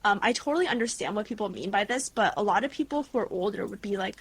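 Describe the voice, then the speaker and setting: A woman in her twenties, a guest creator, chatting casually in an interview with lively storytelling and lots of fillers. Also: medium pitch, quick pace, hardly any pauses, a little hiss or hum. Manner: bubbly, animated storytelling with frequent "like" and laughs.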